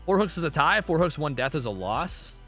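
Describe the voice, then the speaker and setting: Male streamer, fairly high voice, very animated pitch, excitable, swears a lot, faint music behind. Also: a little fast. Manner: excitable, profane, chatty with viewers. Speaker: streamer casting a match. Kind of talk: casual live-stream chat and game commentary.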